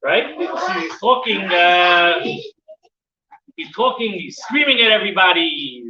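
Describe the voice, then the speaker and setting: High-voiced man teaching in an echoey room. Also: animated, noisy background. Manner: halting, with repeated words and restarts. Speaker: teacher giving a weekly class. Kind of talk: storytelling in a religious class. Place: room with a live audience. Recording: distant, dull, roomy with audience.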